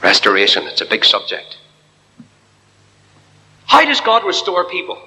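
Impassioned preacher in a reverberant hall. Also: male voice, sits high, huge pitch swings, normal speed, pauses often. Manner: impassioned, swinging from hushed to soaring. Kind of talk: evangelical sermon. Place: church.

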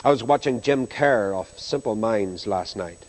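A man preaching a sermon, emphatic, swinging between loud and hushed delivery. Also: lowish voice, unhurried, long reverb tail, poor audio.

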